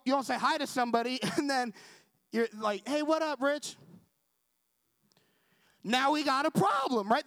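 A man's voice: extremely high pitch, a bit bright, no room sound. A young man giving a conversational sermon, telling a story and acting out the dialogue, often checking in with the audience. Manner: conversational, asks the audience for agreement. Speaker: preacher.

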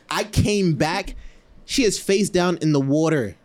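A man's voice: high-pitched, slow. A man telling a story in casual podcast chat, talking loosely with plenty of slang and fillers and acting out the people he quotes. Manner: animated, acts out quoted voices, laughs often; loose slang-heavy talk with frequent fillers.

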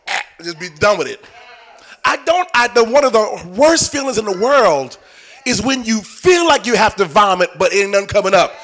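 Pastor guy preaching, aave, voice jumps all over, loud then hushed. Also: sits high. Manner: animated preaching, swinging from loud calls to hushed asides. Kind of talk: sermon.

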